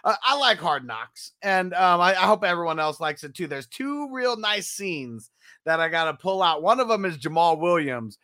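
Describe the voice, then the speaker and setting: A man hosting a casual sports podcast, relaxed, reading viewer comments aloud and laughing easily. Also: high-pitched, normal speed.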